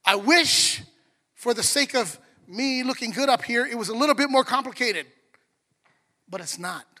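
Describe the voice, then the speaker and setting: Man, pastor, casual joking sermon, high bright voice, long church reverb. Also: normal speed. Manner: joking, conversational preaching with audience prompts. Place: church sanctuary.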